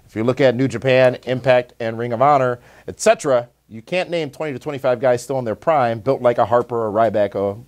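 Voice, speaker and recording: A man's voice: mid-range voice, a little fast, hardly any pauses, a little mellow. Wry male talk show host. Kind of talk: talk show reading viewer comments.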